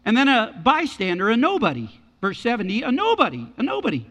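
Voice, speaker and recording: A man preaching a sermon as pastor, animated and repeating his key words for emphasis. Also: extremely high pitch, brisk, big-room sound.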